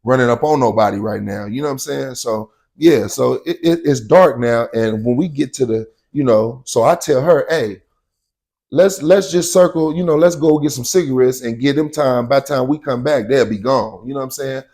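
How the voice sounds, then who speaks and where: A man casually telling a personal story in slang, often saying "you know what I'm saying" and loudly acting out shouted quotes. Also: mid-range voice, moderate pace.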